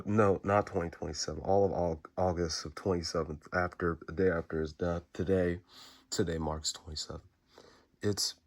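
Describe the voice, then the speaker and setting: A man speaking an unscripted, emotional message while fighting back tears, halting and repeating his words and swearing casually. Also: deep voice. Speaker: fan recording a tribute message.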